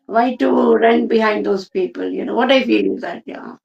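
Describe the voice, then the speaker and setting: A woman's voice: on the high side, normal speed, gravelly, a little mellow, echoey room, distant mic, highs cut off. A woman with an Indian English accent hosting a casual English conversation, chatty and full of "you know" tags. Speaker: host asking questions.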